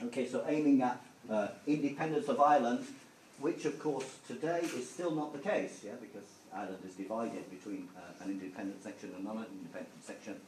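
A teacher with a medium-pitched, somewhat dark male voice lectures on history to his class, simplifying ideas for students. He speaks haltingly, full of fillers and false starts. The audio is poor and carries a little background noise.

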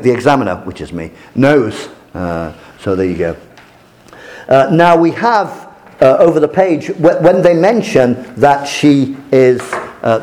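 A man teaching a class as their examiner, lecturing in a halting way with many fillers and restarts. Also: medium pitch, a little mellow.

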